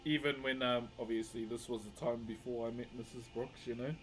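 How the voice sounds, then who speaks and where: A man's voice: medium pitch, steady tone, brisk, a bit bright. A man with a New Zealand accent, chatting casually with viewers on a live stream while he works on wood carving, calling everyone bro. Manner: laid-back, chatty, greets viewers as bro.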